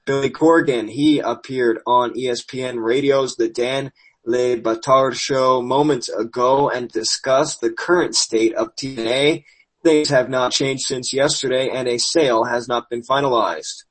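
A man's voice: mid-range voice, steady tone, a little slow, fairly bright tone, poor audio. A man hosting a podcast, reading wrestling news with sarcastic asides, losing his voice. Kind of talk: casual news commentary.

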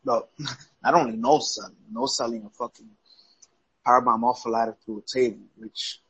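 A man's voice: mid-range voice, steady tone, normal speed, a bit bright, husky. A man co-hosting a casual wrestling chat, rambling and cursing freely, often restarting his sentences. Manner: loose, profane, rambling with restarts. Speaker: podcast co-host. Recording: dull lo-fi audio.

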